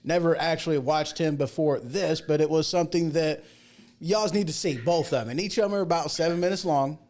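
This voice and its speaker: A man hosts a casual livestream talk show in a slightly high voice. He talks in a chatty, folksy way and rambles off into asides and jokes. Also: a little fast, a little mellow. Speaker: show host.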